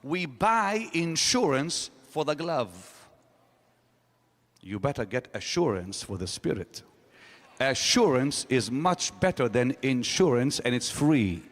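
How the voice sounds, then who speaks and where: A male pastor preaching with a very lively, swooping pitch that leaps up on questions and sinks low on answers. He speaks slowly and deliberately. His voice rings out with a long hall reverb. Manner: emphatic preaching with sudden rises and drops. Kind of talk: sermon. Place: large hall.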